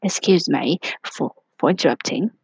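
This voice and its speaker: A woman's voice: deep voice, expressive, moderate pace, gravelly, darkish tone, breathy edge, no echo, full character voice. A woman voicing a hungry farm dog in a storybook reading, speaking with sly, false politeness. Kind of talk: storybook voice acting.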